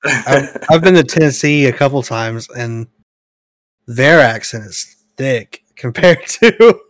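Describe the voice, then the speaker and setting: A young man chatting casually with friends, a quiet listener who speaks briefly and chuckles. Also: mid-range voice, lively intonation, slow, no room sound. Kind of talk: casual chat. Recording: dry close sound.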